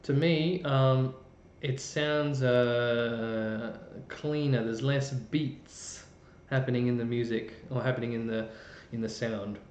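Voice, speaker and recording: A man's voice: steady tone, slow, darkish tone. A man with an Australian accent presenting a casual live-stream music lesson, chatty, with plenty of fillers and restarts. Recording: roomy dull live-stream audio with faint rumble.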